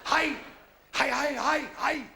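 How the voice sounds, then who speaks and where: A man playing an excitable Japanese man who answers a phone in his tooth. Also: very high voice, takes it slowly, vocal fry, pitched above the performer's own voice, exaggerated voice. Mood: excited.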